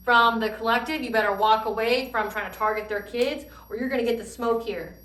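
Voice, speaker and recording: A woman's voice: on the high side, steady tone, brisk, fairly bright tone, reverberant, recorded from a distance, close to an everyday voice. A woman voicing a fierce, protective grandmotherly ancestor spirit who threatens and swears. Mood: threatening. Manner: threatening, profane.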